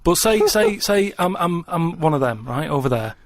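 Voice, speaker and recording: Deadpan man reasoning aloud, bone-dry sound. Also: a little high, normal speed, no echo. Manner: deadpan, plodding reasoning, keeps asking "right?". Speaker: radio show regular. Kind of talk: casual radio chat. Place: radio studio.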